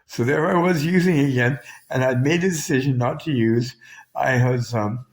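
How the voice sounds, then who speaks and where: A man's voice: medium pitch, normal speed. A man with a Canadian accent telling his own story in a raw, emotionally charged, profane way. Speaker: vlogger. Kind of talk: personal storytelling.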